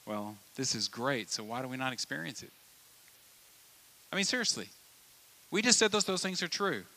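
A male pastor delivers a sermon in a bright, forceful voice. He talks to the congregation conversationally and animatedly, slipping into the voices of the people in his anecdotes. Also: medium pitch, moderate pace. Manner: lively, conversational, acts out quoted voices.

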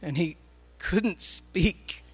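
Man, high voice, sermon, storytelling to a live crowd. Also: extremely slow, breathy edge. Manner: storytelling, addressing a live audience.

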